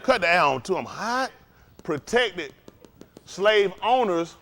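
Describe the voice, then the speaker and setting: Fiery, high-voiced man preaching. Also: big pitch swings, slow pace, sharp tone. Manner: profane, provocative, rhetorical questions to the room. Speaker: teacher of a religious study group.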